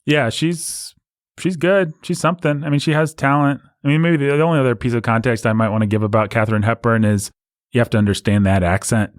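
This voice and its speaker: A man's voice: medium pitch, fairly even intonation, a little fast, no echo, clean studio sound. A man co-hosting a casual film podcast, explaining at length with frequent restarts. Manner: talkative, explanatory, many restarts. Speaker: podcast co-host.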